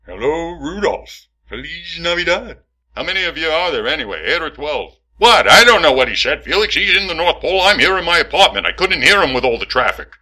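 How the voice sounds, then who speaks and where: A man playing a gruff, sarcastic slob fed up with his fussy roommate, firing off exasperated wisecracks in a comedy sketch. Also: on the high side, sing-song, a little fast, pushed and bright, full character voice.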